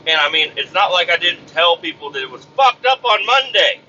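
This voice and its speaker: Trucker guy ranting on his podcast, cussing nonstop, real bright sharp voice, muffled audio w/ faint engine hum. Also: high voice, lively intonation, brisk, hardly any pauses. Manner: profane, exasperated storytelling. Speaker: truck driver and podcast host. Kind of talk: casual rant, recounting his workday.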